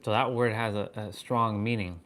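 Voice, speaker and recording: Halting, marveling man thinking aloud. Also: fairly low pitch. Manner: wondering aloud, halting, excited swearing. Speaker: fitness and wisdom livestream host. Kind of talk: live stream musing.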